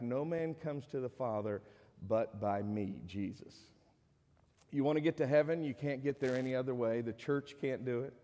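A man preaching a conversational sermon as a pastor, raising his pitch when he acts out the people he quotes. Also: mellow. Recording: long hall reverb.

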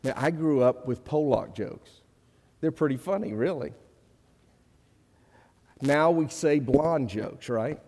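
A man's voice: mid-range voice, slow, long pauses, a little mellow. A middle-aged male pastor preaching a sermon, earnest and conversational, building to emphatic peaks. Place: church sanctuary. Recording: long reverb of a church hall.

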